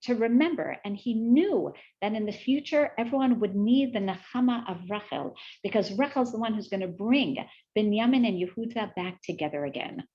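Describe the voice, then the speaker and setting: A woman giving a Torah lecture, telling the sources as animated stories and acting out the quoted voices. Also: mid-range voice, dull audio. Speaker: Torah teacher.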